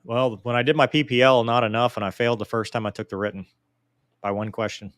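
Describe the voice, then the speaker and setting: A man's voice: mid-range voice, quick pace, no room sound, clean studio sound. A man in his forties hosting a casual live Q&A, reading viewer mail and joking about himself. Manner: joking, self-deprecating, animated. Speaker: host answering viewer mail.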